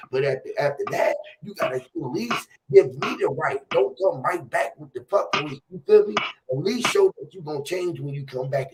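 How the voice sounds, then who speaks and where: A man hosting a casual conversation, telling animated, profane stories and acting out the quotes loudly. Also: on the high side, a little hiss or hum.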